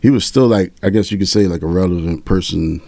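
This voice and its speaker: A man's voice: low voice, fast talker, mellow, no echo. A man in his forties hosting a podcast, talking in a laid-back, rambling way and often checking in with his listeners. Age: 40s. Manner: laid-back, rambling, keeps saying "you know what I'm saying". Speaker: podcast host. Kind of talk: casual chat.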